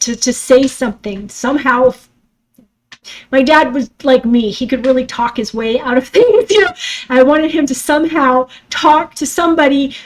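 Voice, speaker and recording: A middle-aged woman hosting a podcast, telling a personal story in a candid, profane way, trailing off and restarting, sometimes dropping to a hush and sometimes breaking into loud outbursts. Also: high voice, rough recording. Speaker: podcast host.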